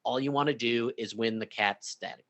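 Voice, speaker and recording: Bright-voiced man giving sports takes. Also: medium pitch, moderate pace. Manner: relaxed and opinionated, drops to a quieter aside voice. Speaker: podcast co-host. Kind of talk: casual fantasy sports chat.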